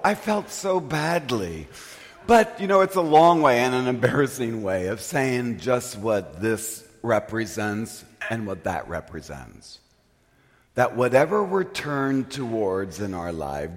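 A man preaching a storytelling sermon as pastor, animated and poking fun at himself. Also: medium pitch. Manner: animated, self-mocking storyteller. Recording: long reverb of a large hall.

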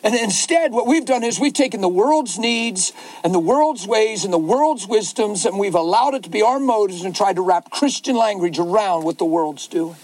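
Husky, high-voiced male preacher. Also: moderate pace, no room sound, rough recording. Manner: animated, folksy preaching with asides to the crowd. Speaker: pastor. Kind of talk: sermon.

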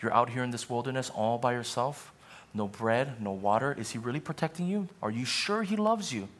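A man's voice: medium pitch, animated, brisk, fairly bright tone, natural voice. A man voicing a taunting male devil who mocks and needles with doubting questions. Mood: insinuating.

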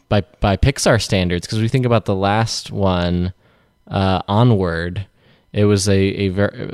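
A man's voice: low-pitched, clear, resonant tone, no room sound, clean studio sound. A man in casual conversation about a film, talking in a rambling, chatty way with frequent restarts. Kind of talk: casual film review chat.

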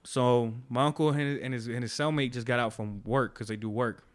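Fast-talking, profane male storyteller. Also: mid-range voice, fairly even intonation. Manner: profane, slangy, rambling with restarts. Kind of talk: casual storytelling chat.

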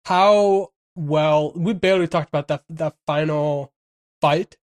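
A man co-hosting a casual podcast, his voice sitting a little high. He rambles, restarting sentences and leaning on fillers as he works through his thoughts. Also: slow. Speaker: podcast co-host. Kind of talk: casual film discussion.

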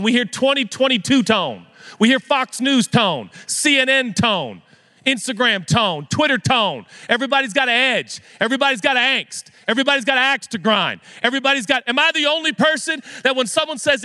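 A man's voice: very high-pitched, fairly quick, long reverb tail. A man preaching a sermon as pastor, telling self-mocking stories and acting out voices, in a church. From United States. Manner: animated, self-mocking storytelling with acted-out voices. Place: church auditorium.

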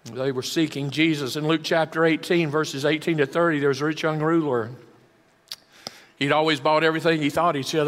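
A man's voice: a little high, steady tone, a little fast, a bit bright, long reverb tail. A man preaching a sermon, dramatic, with big shifts in volume for emphasis. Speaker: pastor.

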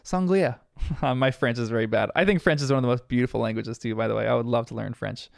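A man's voice: medium pitch, fairly even intonation, fast, vocal fry, no room sound, clean studio sound. A young man giving a casual, chatty recap of a cartoon episode, reflective and full of fillers. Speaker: episode reviewer.

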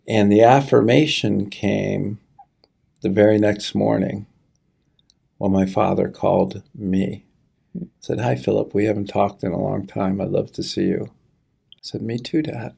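A middle-aged man telling a personal story in an earnest, halting way, choking up as he goes. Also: lowish voice, steady tone, creaky, warm tone, slightly rough. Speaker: guest sharing a personal story. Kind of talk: conversational testimony.

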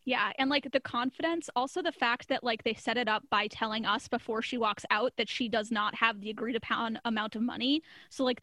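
A young woman co-hosting a podcast, chatting casually as she recaps a TV episode, full of "like" fillers and quick laughs. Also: fairly high pitch, sharp tone, dry recording. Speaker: podcast co-host.

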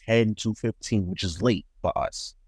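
A man co-hosting a casual podcast, telling a work story with animated, swear-laced reenactments. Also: unhurried, breathy edge, no echo, studio quality. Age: adult, calls himself too old for that. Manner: animated, acts out quotes with sharp pitch jumps, swears freely. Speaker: podcast co-host.

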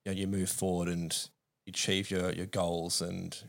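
A man co-hosting a podcast who chats in a relaxed way and lets sentences trail off. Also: sits low, normal speed, gravelly. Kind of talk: casual chat.

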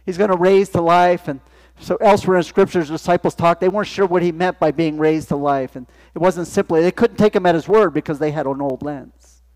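A man's voice: a little high, fairly quick, a little mellow. A male pastor preaching a sermon in church, talking conversationally and asking his listeners rhetorical questions.

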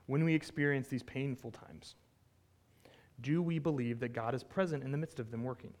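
A man preaching a conversational sermon, retelling a scripture story with animated asides and frequent "right?" check-ins. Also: mid-range voice, moderate pace. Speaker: pastor.

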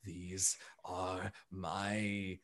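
A man voicing an excitable elephant-like male alien who speaks slowly and softly, with pauses. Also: deep voice, voice pushed down, exaggerated voice. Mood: gentle, earnest. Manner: slow, hesitant, soft-spoken.

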